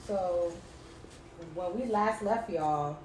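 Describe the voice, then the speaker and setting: A woman's voice: on the low side, extremely slow, darkish tone. A woman co-hosting a podcast, teasing her partner with short, dry quips. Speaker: podcast co-host. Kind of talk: casual chat. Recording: roomy echo with faint noise.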